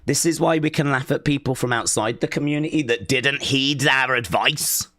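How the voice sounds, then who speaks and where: A young man hosting a wrestling watch-along live stream, reading chat aloud and cheering loudly. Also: medium pitch, normal speed.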